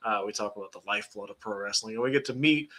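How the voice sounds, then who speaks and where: A man's voice: on the low side, racing, pushed and bright. A young man co-hosting a wrestling podcast, talking in a loose, joking way that often trails off and restarts. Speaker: podcast co-host. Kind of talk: casual chat.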